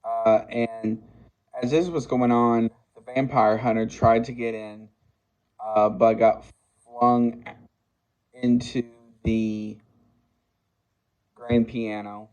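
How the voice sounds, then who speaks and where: Man in his 60s, casual film recap, slow and hesitant, mid-pitched voice, lots of fillers. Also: little pitch movement, a little mellow, highs cut off. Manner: halting, many fillers and restarts. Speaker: movie reviewer.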